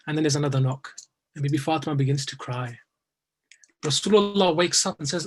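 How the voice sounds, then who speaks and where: A British man gives a religious sermon at a majlis, telling and lamenting a story at a fast pace in a slightly high voice. In sorrowful passages he grows softer and lower with a mourning tone, while at other moments he rises with emotion.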